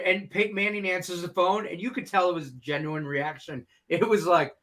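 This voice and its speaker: A man's voice: high-pitched, moderate pace, hardly any pauses. A middle-aged man co-hosting a sports betting show, telling stories in casual chat and laughing often. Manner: animated storyteller, laughs often.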